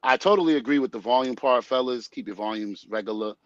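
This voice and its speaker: A man's voice: mid-range voice, quick pace, no echo. Playful man on dull, dry audio. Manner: playful, teasing questions. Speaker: guest panelist. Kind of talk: casual panel talk.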